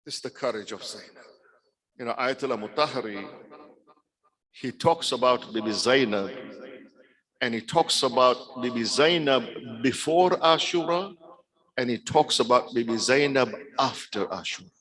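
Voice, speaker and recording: A man's voice: mid-range voice, expressive, normal speed, a bit bright, rough recording. A man giving a religious sermon over a video call. He speaks with emphasis and often checks in with his listeners by asking 'yes?'. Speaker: preacher.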